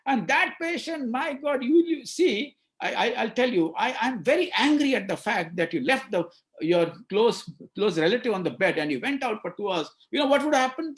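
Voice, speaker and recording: A man with an Indian English accent giving an animated webinar lecture, acting out dialogues and repeating words. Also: high-pitched, moderate pace. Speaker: psychiatrist speaker at a medical webinar.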